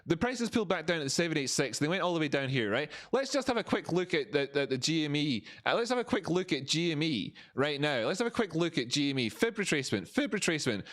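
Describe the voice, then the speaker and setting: A man hosts a live stock-chart commentary stream. His delivery is ranting and profane, full of repeated phrases. His pitch runs slightly high and swoops widely for emphasis. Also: fast, hardly any pauses. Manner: animated, rising in pitch for emphasis; repeats phrases, talks to viewers as family. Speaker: livestream market analyst.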